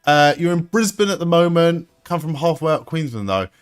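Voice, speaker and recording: An excitable young man calls out the action in a lively, swooping voice that sits a little high for a man. He swears freely and laughs often, with faint music playing underneath. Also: a little fast, clear, resonant tone. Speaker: streamer hosting a wrestling watch-along. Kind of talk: live reaction commentary and chat.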